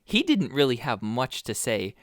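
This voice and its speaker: A young man co-hosting a podcast in a casual chat, often pausing to search for the right words. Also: mid-range voice, wildly swooping pitch, no echo, clean studio sound. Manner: hesitant, searches for words with fillers. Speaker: podcast co-host.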